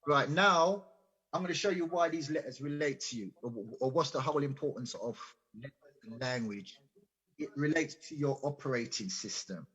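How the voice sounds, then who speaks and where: A man's voice: fairly high pitch, normal speed, fairly bright tone, husky. A man giving an earnest, explanatory guest talk on a radio show, often repeating and restarting words. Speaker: invited guest speaker. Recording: dull lo-fi audio.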